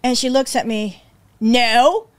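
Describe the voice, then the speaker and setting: High-pitched woman guest, expressive storyteller who acts out every quote. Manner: acts out quotes with big pitch jumps, emotional, fast restarts. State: near tears. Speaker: podcast guest, rescue founder. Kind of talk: animated storytelling in conversation.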